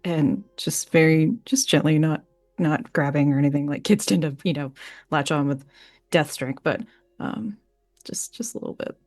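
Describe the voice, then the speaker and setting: Soft-spoken, hesitant woman player. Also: deep voice, moderate pace, faint music behind. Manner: soft, hesitant, full of fillers. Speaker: player in a tabletop role-play. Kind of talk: narrating her character's actions in a tabletop game.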